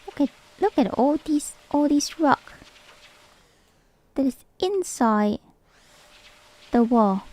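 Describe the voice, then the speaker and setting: A woman's voice: high voice, lively intonation, slow pace, pauses often, a little mellow. A woman streamer, not a native English speaker, chatting playfully and laughing often while she comments on a game. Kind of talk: casual gaming commentary.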